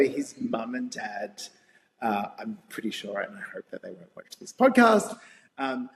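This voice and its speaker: A young Australian man telling stories in a casual interview, lively and laughing often. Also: mid-range voice. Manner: animated storyteller, laughs often. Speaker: guest. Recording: reverberant room with faint ambient noise.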